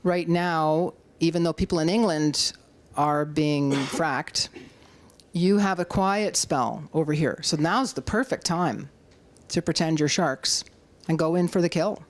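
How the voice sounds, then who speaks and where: A middle-aged woman with a Canadian accent giving an animated public talk as an activist speaker, rallying her audience and acting out quotes in a high voice. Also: measured pace. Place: community hall talk.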